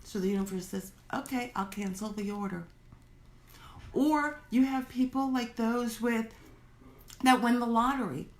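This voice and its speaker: A woman's voice: sits high, slight background noise. Chatty woman teaching a workshop. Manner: chatty, animated, acts out quoted inner voices. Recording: roomy echo.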